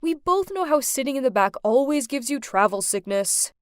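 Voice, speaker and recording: Give me a woman doing a coaxing teen bad boy for an animated story, with a dry sound. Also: high-pitched, normal speed, smooth, no echo. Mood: pushy. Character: teen bad-boy boyfriend, pushy and clingy.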